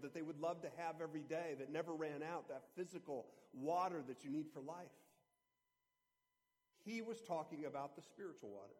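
Male pastor, earnest conversational sermon, voice a touch high, big-hall reverb. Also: a little mellow.

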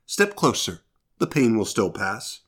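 A man playing a calm, patient male stranger who brings fire, speaking in a measured, reassuring way. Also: fairly low pitch, breathy edge, heavily acted.

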